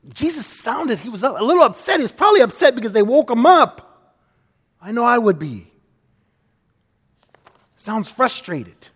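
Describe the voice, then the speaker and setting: A man's voice: sits high, fairly bright tone, long reverb tail. A man preaching a sermon as pastor, earnest, and often acting out the people he quotes.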